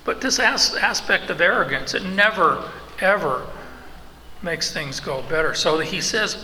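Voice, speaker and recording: A middle-aged man preaches in a bright, sharp voice that sits a little high for a man. He talks slowly and with emphasis, breaking off into asides and restarts as he works through a passage. A long hall reverb hangs behind him over a faint background noise. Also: expressive. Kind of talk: expository sermon.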